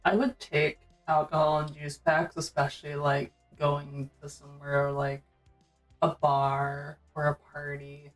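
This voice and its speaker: A woman's voice: low-pitched, monotone, a little slow, faint music behind, poor audio. A woman co-hosting a reaction stream, chatting bluntly and casually. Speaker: co-host.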